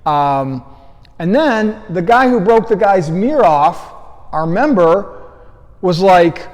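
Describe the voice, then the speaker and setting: Higher-voiced man telling a rambling story. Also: animated, slow pace, darkish tone. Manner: rambling storyteller who acts out quoted lines in a raised voice. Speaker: fitness coach and gym founder. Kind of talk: casual spoken anecdote. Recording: long hall reverb.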